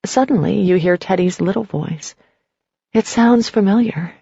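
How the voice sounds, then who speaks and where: A woman narrating a scripted story in a slow, measured second-person manner. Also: medium pitch, creaky, mellow, slightly rough, dry recording, highs cut off.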